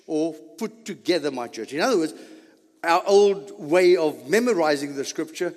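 A man preaching a sermon as pastor, posing rhetorical questions, answering them himself and building up to shouts. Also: on the high side, lively intonation, a little slow. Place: church sanctuary. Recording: long reverb of a large hall.

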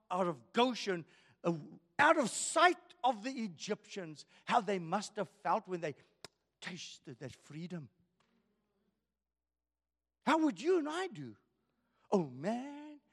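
A male pastor preaches in a high, lively voice that rises and falls dramatically. He delivers his lines slowly and with emphasis, pressing the congregation with rhetorical questions. Long reverb trails each phrase through a church hall. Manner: emphatic, rhetorical questions, swinging from loud to hushed. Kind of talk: sermon.

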